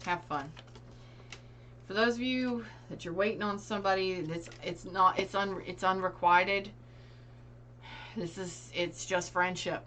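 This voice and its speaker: A woman's voice: medium pitch, unhurried, long pauses, a bit bright. A woman giving a casual tarot reading, speaking earnestly and directly to her viewers. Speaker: tarot reader.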